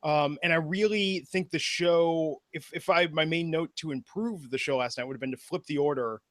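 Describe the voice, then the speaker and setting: A man's voice: fairly high pitch, normal speed, a bit bright, no echo, clean studio sound. A man hosting a casual wrestling podcast, steering the talk and turning questions over to his co-hosts. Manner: leads the talk and hands the floor to co-hosts. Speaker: podcast host.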